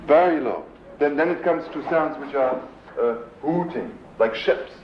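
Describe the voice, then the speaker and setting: A man with a German accent giving a live lecture as a composer, pausing to search for English words and imitating sounds with his voice. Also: fairly high pitch, expressive. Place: lecture hall. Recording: roomy dull 1970s lecture recording with faint hiss.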